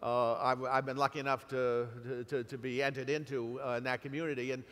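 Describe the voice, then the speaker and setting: A middle-aged man with a New England accent, giving a talk to an audience in a halting way, full of fillers and restarts. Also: mid-range voice, level tone, fairly bright tone. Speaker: guest speaker. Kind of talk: speech to an audience. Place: large hall. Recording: long reverb of a hall.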